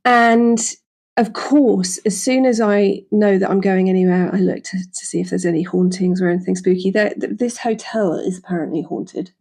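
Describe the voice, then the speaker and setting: A woman hosts a podcast in a chatty, joking way, talking in a voice of middling pitch. She is in a hotel room and wears a lapel mic. She often stops and corrects herself mid-sentence. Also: fairly even intonation, vocal fry, a little mellow. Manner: chatty and jokey, with quick self-corrections. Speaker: podcast host. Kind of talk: casual podcast chat.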